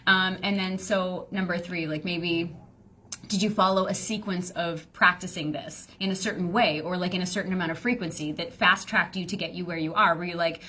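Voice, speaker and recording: A woman's voice: fairly low pitch, fairly even intonation, brisk, pushed and bright, slight background noise. A woman business coach teaching casually on a live stream, rambling and chatty with lots of fillers.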